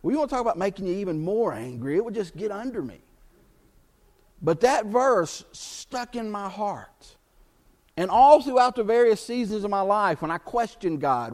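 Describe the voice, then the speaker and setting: A middle-aged man preaching a sermon as pastor, telling a personal story earnestly and dropping to a hush when quoting scripture. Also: high voice.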